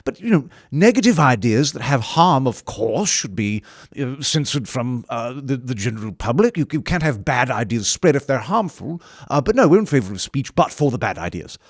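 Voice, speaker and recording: A man's voice: mid-range voice, big pitch swings, moderate pace, slightly rough, no room sound, studio quality. A man putting on a British accent to voice a prim, self-assured liberal man with a patronizing, reassuring manner.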